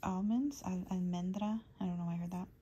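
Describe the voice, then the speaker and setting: A woman giving a channeled tarot reading to her viewers, speaking low and hushed, sometimes slipping into a whisper, rambling through lists of names. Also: flat delivery, quick pace, slightly rough, low-quality recording. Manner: rambling, listing names as they come. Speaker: tarot reader.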